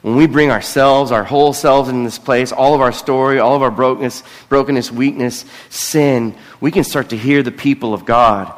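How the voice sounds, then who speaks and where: A man's voice: medium pitch, fairly even intonation, normal speed, few pauses. Middle-aged man preaching in a reverberant hall. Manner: earnest, with self-deprecating asides. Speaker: pastor. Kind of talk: conversational sermon. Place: church sanctuary. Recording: long reverb of a large hall.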